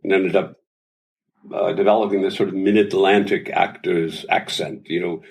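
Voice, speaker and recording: A man's voice: low-pitched, moderate pace, gravelly, low-quality recording. A man in his sixties, a singer as interview guest, telling anecdotes in casual talk. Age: 60s. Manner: animated storyteller, does voices in anecdotes.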